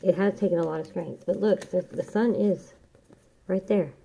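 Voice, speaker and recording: A woman giving a casual, rambling tarot reading, chatty and quick to laugh. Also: lowish voice, steady tone, creaky, mellow, slightly rough, rough recording. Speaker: tarot reader.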